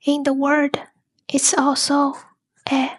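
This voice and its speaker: Slow whispering woman teaching softly. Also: sits high, monotone. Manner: slow, soft and breathy, with many repeated words. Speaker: ASMR Spanish teacher. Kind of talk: whispered ASMR lesson.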